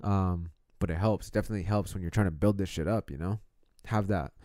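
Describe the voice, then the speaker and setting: Mellow-voiced man hosting a live podcast. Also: low voice, a little fast, dry recording, clean studio sound. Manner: loose, animated, slangy, swears. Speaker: podcast host and streamer. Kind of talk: casual live podcast chat. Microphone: streaming microphone.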